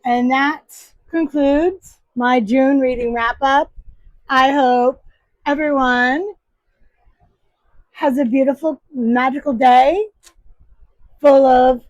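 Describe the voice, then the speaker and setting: A woman's voice: high-pitched, fairly even intonation, slow, long pauses, dry recording, lo-fi sound. A woman book vlogger casually reviewing her monthly reads, enthusiastic and emphatic.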